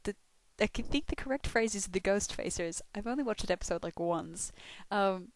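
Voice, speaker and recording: A woman's voice: mid-range voice, lively intonation, moderate pace, slight background noise. A young woman from Melbourne with an Australian accent, chatting casually and self-deprecatingly, swearing often and laughing a lot. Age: young adult. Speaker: fan answering a question tag. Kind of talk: casual audio vlog.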